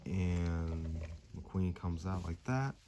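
A young man talks his way through a home toy review in a lowish voice, rambling and joking. He jumps between loud, excited bursts and quiet mumbled asides. Steady background noise sits under the recording. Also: drawn-out words. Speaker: toy collector reviewing a toy truck. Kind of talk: casual toy review vlog. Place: home room.

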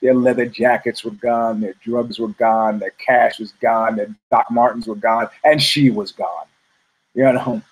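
A man's voice: medium pitch, steady tone, measured pace, slightly rough, poor audio. Rambling, profane male storyteller. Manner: rambling, profane, many restarts. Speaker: host.

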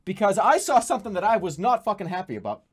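A man's voice: high-pitched, fast talker, husky. Male streamer at a home desk mic, fed-up rant, voice swinging all over, lots of cursing. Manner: exasperated, swearing, animated storytelling. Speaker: game streamer. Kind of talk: ranting live stream chat.

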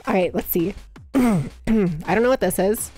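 A woman streamer chatting live while guessing games, excitable and swearing a lot, bursting into high yells. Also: measured pace, breathy edge, soft background music.

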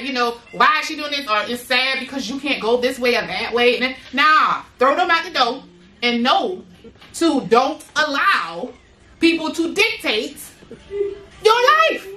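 A woman with a high, bright voice speaks to other parents in a casual, emphatic motivational style, repeating her lines for weight and dropping slang along the way. Her voice rings out with a roomy echo around it. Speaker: motivational speaker, mother of boys with special needs.

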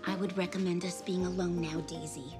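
An actress playing a soft-spoken, new-age female doula who soothes and lectures. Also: lowish voice, level tone, a little fast, close to an everyday voice. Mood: soothing. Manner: soothing, preachy. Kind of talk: TV drama acting. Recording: TV soundtrack with music underneath.

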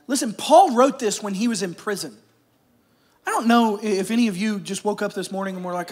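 Man, pastor, high voice, conversational sermon, calls out to the congregation. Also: brisk. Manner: conversational preaching with crowd call-outs and jokes. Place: church service.

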